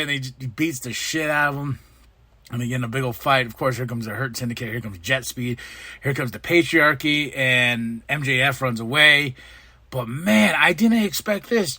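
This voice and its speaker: A man's voice: fairly high pitch, sharp tone, no room sound. A man hosting a podcast, casually recapping wrestling shows, laughing often and acting out quotes. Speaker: podcast host.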